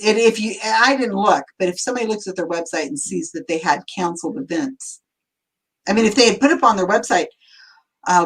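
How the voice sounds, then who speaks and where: A woman's voice: mid-range voice, expressive, brisk, slightly rough, poor audio. Enthusiastic rambling woman guest. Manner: enthusiastic, rambling, frequent fillers. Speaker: podcast guest. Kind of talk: casual chat.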